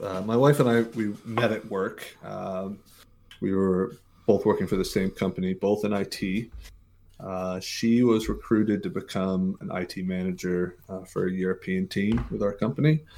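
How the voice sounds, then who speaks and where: An American podcast guest in his forties, from Mississippi, recounts stories casually in an interview, with many fillers and restarts. His voice is low and darkish, and there's slight background noise.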